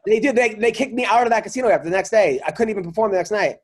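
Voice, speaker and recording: A man from New York hosting a podcast, telling swear-laden stories about comedy gigs in a casual, animated way. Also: high-pitched, rapid-fire. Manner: swears freely, animated storyteller who acts out the people in his anecdotes. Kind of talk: casual storytelling chat.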